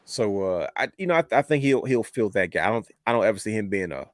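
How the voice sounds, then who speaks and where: A man's voice: lowish voice, expressive, fast talker, dry recording, clean studio sound. A man co-hosting a podcast in casual wrestling chat, rambling and repeating words as he talks. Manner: rambling, repeats words, says "you know what I mean". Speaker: podcast co-host.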